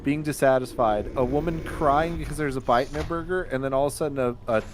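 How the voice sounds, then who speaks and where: A man's voice: medium pitch, fast talker, slight background noise. A young man, a podcast co-host, chatting casually on a live gaming stream, joking and jumping in to finish other people's lines. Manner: animated, jokey, jumps in to finish lines.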